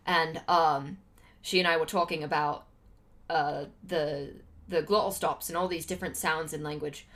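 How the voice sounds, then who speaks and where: A woman's voice: deep voice, fairly even intonation, moderate pace, a bit bright. A young American woman chatting casually with viewers on a livestream, rambling with lots of fillers. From United States.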